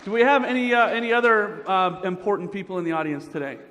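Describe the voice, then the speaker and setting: A man emceeing a pageant, joking playfully and quizzing the audience as he warms up the crowd. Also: high-pitched, fairly even intonation, quick pace, lo-fi sound. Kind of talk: crowd warm-up banter. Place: large indoor auditorium. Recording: reverberant hall with crowd noise.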